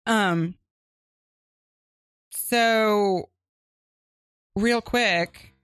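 A woman co-hosting a community radio crime show, chatting casually and reading announcements with quick asides. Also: medium pitch, a bit bright, smooth, no room sound. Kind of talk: casual chat and on-air announcements. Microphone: studio microphone.

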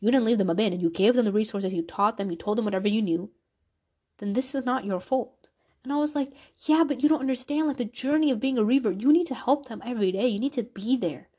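Her voice is a little high and dark, with a breathy edge, and she talks at a quick pace. This podcast host shares an earnest, confessional personal story, reenacting the dialogue as she recalls it.

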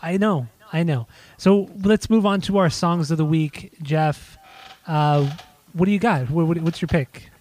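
A man's voice: fairly high pitch, measured pace, darkish tone. A young man co-hosting a casual podcast chat, dry and teasing, moving the show along. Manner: dry teasing, runs the segments. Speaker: podcast co-host.

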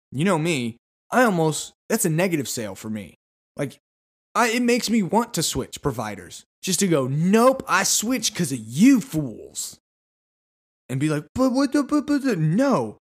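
Animated sarcastic man ranting solo. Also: fairly high pitch. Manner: animated, sarcastic, acts out mock dialogues. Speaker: podcast host. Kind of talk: casual solo rant.

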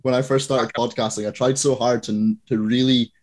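A man's voice: mid-range voice, level tone, normal speed, a little mellow. A Scottish man on a podcast, chatting casually and trying to tone down his accent. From Scotland. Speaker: podcast co-host. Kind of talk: casual chat.

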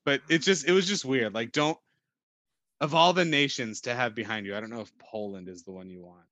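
Bright-voiced man joking in podcast chat. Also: mid-range voice, a little fast, no echo. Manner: joking, rambling, hedging. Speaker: podcast co-host. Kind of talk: casual sports chat.

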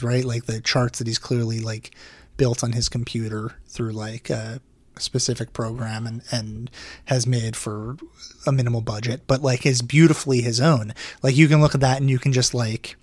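Male podcast co-host, mid-pitch, rambling chatty delivery, dry studio sound. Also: dry recording. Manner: rambling, restarts often, swears casually. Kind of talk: casual podcast chat.

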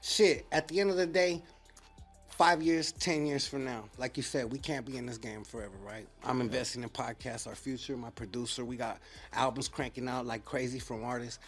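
A man hosting a podcast, telling animated stories in street slang. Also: mid-range voice, moderate pace, soft background music. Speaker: podcast host. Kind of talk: casual interview chat.

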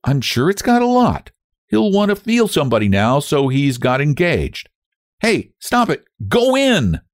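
A man's voice: a little high, expressive, normal speed, no echo, studio quality, voice pushed up. A man voicing a bold, blunt young woman who talks brashly, in a storybook reading.

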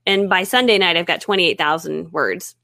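A woman guest telling her own story in a lively way, often acting out what people said to her. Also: lowish voice, moderate pace, creaky, dry recording, studio quality. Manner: lively, acts out her own and others' remarks. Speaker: guest, author and network marketer. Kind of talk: animated storytelling in conversation.

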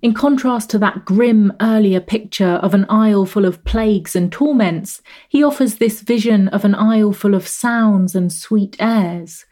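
A woman narrating a scripted literature lesson in a measured, explanatory manner, slowing to read verse rhythms. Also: mid-range voice, warm tone.

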